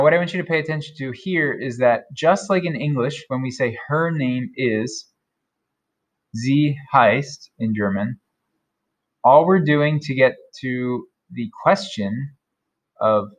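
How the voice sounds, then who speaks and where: A man teaching German vocabulary, repeating each word slowly and carefully. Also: medium pitch. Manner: slow, careful modeling of German words. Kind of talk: vocabulary lesson.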